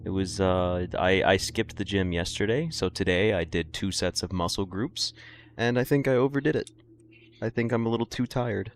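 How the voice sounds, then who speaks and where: A man's voice: low-pitched, normal speed, slight background noise. A tired young man streaming a game, chatting loosely with his viewers and yawning, rambling with many fillers. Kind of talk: casual live-stream chat with viewers.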